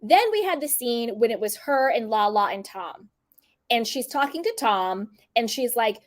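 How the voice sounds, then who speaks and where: Woman, vlog commentary, animated, opinionated, slightly high pitch. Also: normal speed. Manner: animated, opinionated, acts out quotes. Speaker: commentary vlogger.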